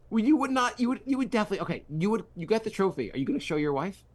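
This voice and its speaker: A man co-hosting a casual comedy podcast, playful and riffing, jumping into quick bits. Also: sits high. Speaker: podcast co-host.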